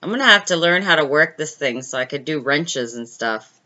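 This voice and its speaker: A woman's voice: sits low, animated, moderate pace, pushed and bright, lo-fi sound. A woman hosting a casual live stream, chatting with viewers and telling a personal story. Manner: chatty, answers viewer comments mid-story.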